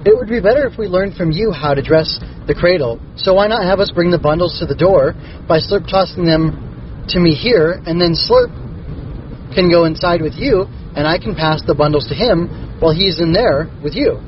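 Guy voicing a little bug creature, helpful, kinda high and eager, muffled sound. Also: normal speed, slight background noise, natural voice. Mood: earnest.

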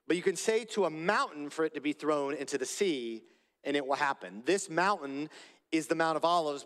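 A man, a pastor, giving a sermon, speaking deliberately and repeating key phrases for emphasis. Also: a little high, big-room sound.

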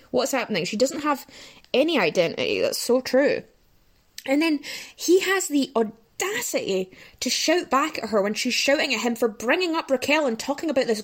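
Profane, exasperated woman ranting. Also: fairly high pitch. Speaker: podcast host. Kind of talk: casual commentary rant.

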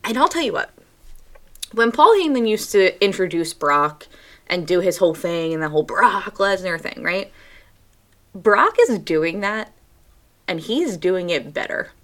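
A woman's voice: on the low side, animated, fairly bright tone. A woman co-hosting a casual podcast, talking wrestling in a wry, questioning way. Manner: wry, questioning, quick to laugh. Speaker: podcast co-host.

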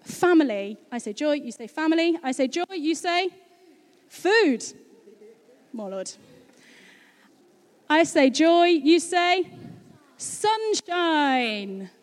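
A woman's voice: sits high, sing-song, slow pace, pauses often. A chatty, bubbly woman, giving a casual sermon to her congregation as pastor. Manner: bubbly and chatty, laughing easily.

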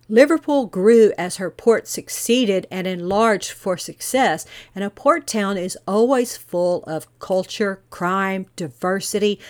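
A woman tells a true-crime story as a podcast host. She talks in an earnest, measured way and keeps turning to rhetorical questions. Her voice sits in a mid range. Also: mid-range voice. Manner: volunteer investigator speaking earnestly.

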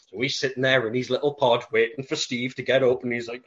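A man's voice: medium pitch, fairly even intonation, fast talker, few pauses, lo-fi sound. A man telling a film story as a comic, profane rant, full of put-on voices.

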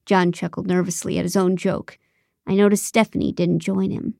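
Audiobook narrator, woman; dry, deadpan comic read, close and dry sound. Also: lowish voice, moderate pace, creaky, no echo. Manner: wry, deadpan, sarcastic. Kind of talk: first-person comic narration.

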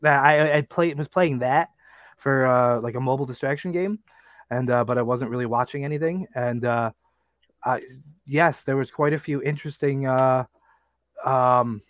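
A man in a podcast conversation, wry and hesitant and filling gaps with uhs. His pitch sits in the middle range, and the recording is dry and close. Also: normal speed, no room sound. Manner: hesitant, filler-heavy, wry. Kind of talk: casual chat.

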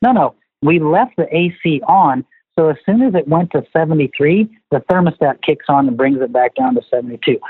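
A man being interviewed, telling family stories in a lively, animated way and acting out what was said. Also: a little high, a little fast, slightly rough, no echo. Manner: animated storyteller, acts out family dialogue. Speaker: guest. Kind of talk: conversational interview. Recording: tinny phone-like line.

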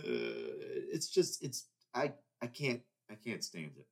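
Young guy doing a solo podcast, rambles a lot, keeps restarting, gets worked up, mid-pitched voice. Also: wildly swooping pitch, slow, gravelly, few pauses, darkish tone. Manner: rambling and heated, many restarts. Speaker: podcast host. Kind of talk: casual solo monologue.

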